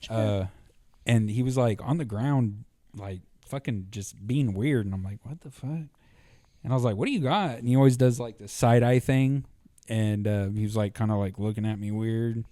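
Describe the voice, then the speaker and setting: A man's voice: fairly low pitch, steady tone, moderate pace, warm tone, no room sound, clean studio sound. A young man co-hosting a podcast, telling stories in a laid-back, profane way. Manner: laid-back, swears often. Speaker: podcast co-host. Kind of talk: casual chat.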